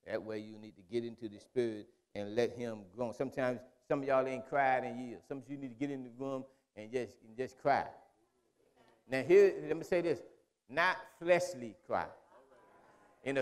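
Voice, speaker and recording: A man's voice: mid-range voice, moderate pace, smooth. A male pastor preaching a sermon in a conversational, repetitive style.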